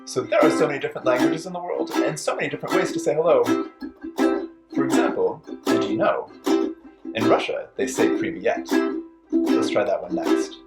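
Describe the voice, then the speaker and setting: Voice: medium pitch, big pitch swings, fairly quick, over loud music. A storytime host for young children, playful and encouraging, speaking directly to the kids and leading rhymes.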